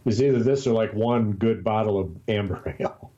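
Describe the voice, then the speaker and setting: A man's voice: on the low side, brisk, warm tone. A man co-hosting a podcast in casual chat, wry and teasing. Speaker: podcast co-host. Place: home, Michigan. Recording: dull lo-fi sound with faint noise.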